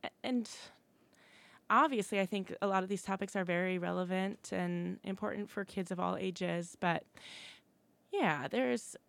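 A woman stage actor being interviewed on radio, talking fast with frequent laughs. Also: mid-range voice, creaky, no echo. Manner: talks fast, laughs often, many fillers.

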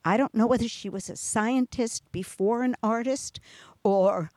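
A woman with a New York accent hosting a casual interview, chatty and quick to laugh. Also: fairly high pitch, darkish tone, dry recording, clean studio sound. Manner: chatty, laughs often, restarts sentences. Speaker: radio show host.

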